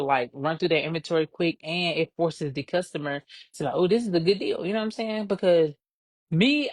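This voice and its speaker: Energetic woman coaching small businesses. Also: sits low, no room sound. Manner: lively, emphatic, repeats points for stress. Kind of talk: casual live-stream business tips.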